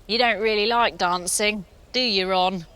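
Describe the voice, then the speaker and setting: A woman's voice: medium pitch, fairly even intonation, a little slow, sharp tone, smooth. A woman in her thirties leading a children's yoga story, playful and sing-song, with gasps and sound effects. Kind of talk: storytelling yoga lesson for kids.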